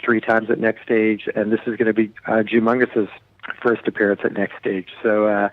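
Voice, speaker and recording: A man's voice: lowish voice, little pitch movement, normal speed, a little hiss or hum. A man talking as a guest musician in a casual radio interview, chatty and joking, heard over a phone line.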